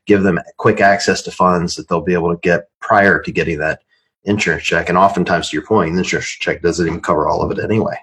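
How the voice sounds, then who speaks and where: A man's voice: deep voice, fairly even intonation, quick pace, fairly bright tone, slightly rough. A man co-hosting a podcast in a laid-back way, who works as a banker and explains things plainly. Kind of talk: casual podcast chat.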